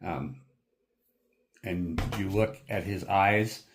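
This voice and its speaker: A man narrating a tabletop game as game master, describing scenes in an unhurried way with fillers. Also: low voice, a little hiss or hum.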